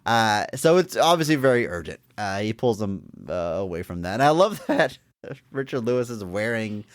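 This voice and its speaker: A man's voice: lowish voice, moderate pace, smooth, no room sound, studio quality. A man co-hosting a podcast, casually and animatedly retelling scenes from a comedy film and acting out the lines. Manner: animated retelling of scenes, acts out quotes with laughs. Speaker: podcast co-host. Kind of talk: casual movie-review chat.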